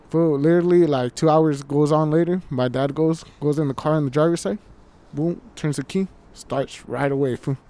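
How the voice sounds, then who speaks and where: A man's voice: a little high, moderate pace, warm tone. A man telling a story in a casual podcast chat, slangy and profane, calling everyone "fool" and piling on restarts. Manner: slangy, swears a lot, says "fool" constantly. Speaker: podcast co-host. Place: outdoors at night. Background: faint train.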